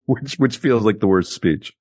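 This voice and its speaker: A man in a comedic podcast chat, reading lines aloud with deliberate theatrical delivery. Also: fairly low pitch, a little mellow, dry recording. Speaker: podcast guest.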